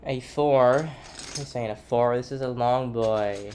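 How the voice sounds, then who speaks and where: A man's voice: mid-range voice, takes it slowly, a little mellow, slight background noise. A young Australian man streaming live, muttering, swearing casually and narrating to himself as he builds.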